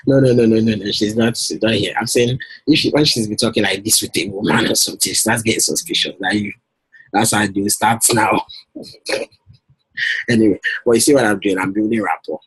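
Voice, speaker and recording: A man's voice: on the low side, steady tone, a little fast, slightly rough, dry recording, low-quality recording. A man coaching a client on a call, persuasive and often checking that she follows. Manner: persuasive, repeats himself, checks for understanding. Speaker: business coach.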